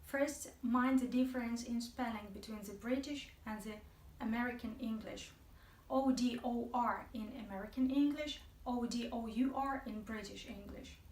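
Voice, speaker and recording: A woman's voice: fairly high pitch, moderate pace, a little mellow, distant mic, slight background noise. A woman teaching an English video lesson, chatty and playful, speaking straight to her viewers. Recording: echoey room, voice from off the mic.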